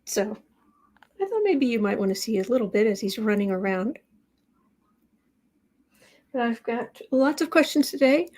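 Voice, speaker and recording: A woman's voice: fairly high pitch, lively intonation, moderate pace, pauses often, a little mellow. Chatty woman hosting a tarot livestream. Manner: chatty, talks to her cat between remarks. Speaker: tarot reader and livestream host. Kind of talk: casual livestream talk.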